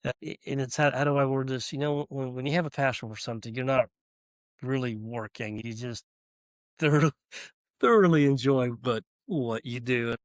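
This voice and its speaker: A man who runs a small business, telling his story in a casual podcast interview, animated and chuckling as he acts out dialogue. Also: medium pitch, moderate pace, no echo, clean studio sound.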